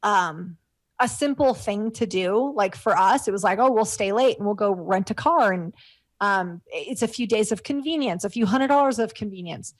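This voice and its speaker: A middle-aged woman telling stories in an interview, rambling with plenty of fillers and false starts. She is close to tears while she speaks. Her voice sits at a middle pitch and sounds dry and close, with no room echo. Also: moderate pace. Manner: rambling, many fillers and restarts. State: moved to tears. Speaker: guest. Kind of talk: casual interview talk.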